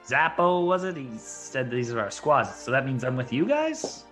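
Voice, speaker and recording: A man playing a tabletop game in character, laid-back and casual, with halting restarts. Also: mid-range voice, very animated, fairly bright tone, soft background music. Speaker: player.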